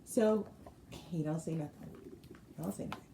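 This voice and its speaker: A woman tarot reader telling a story with animated asides to her viewers. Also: low-pitched, measured pace, creaky. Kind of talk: storytelling spiritual reading. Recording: roomy room with faint noise.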